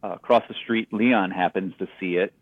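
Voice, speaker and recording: A man co-hosting a podcast, casually recapping a movie's plot in a relaxed, storytelling way. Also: low-pitched, moderate pace, dry recording. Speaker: podcast co-host. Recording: dry, phone-like sound.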